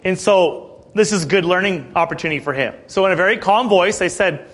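A man's voice: high-pitched, a little fast, hardly any pauses, fairly bright tone. A man in his late thirties preaching a sermon in an earnest, conversational way, with asides and rhetorical questions. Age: 30s.

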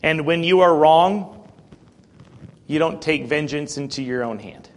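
A male pastor giving a conversational sermon, plain-spoken, asking the congregation rhetorical questions and often clearing his throat. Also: on the high side, unhurried.

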